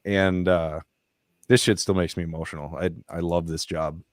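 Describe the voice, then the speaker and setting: Deep-voiced veteran telling candid stories. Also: male voice, moderate pace, dry recording, clean studio sound. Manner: profane, emotional, animated retelling. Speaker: veteran nonprofit founder, podcast guest. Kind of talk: casual candid storytelling. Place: podcast studio.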